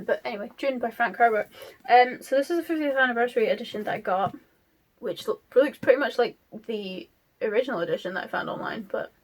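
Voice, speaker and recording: A chatty woman talking about books in a casual vlog, her voice a touch higher than most. She rambles, stops to restart her sentences and fills the gaps with ums. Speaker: book vlogger. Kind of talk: casual chat.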